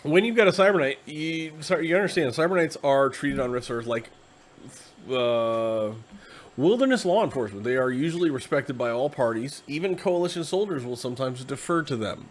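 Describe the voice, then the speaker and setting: A man's voice: mid-range voice, expressive, slight background noise. Tired man rambling casually as host. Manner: conversational, acts out quick quoted asides. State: tired, yawning. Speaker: host discussing a tabletop game class.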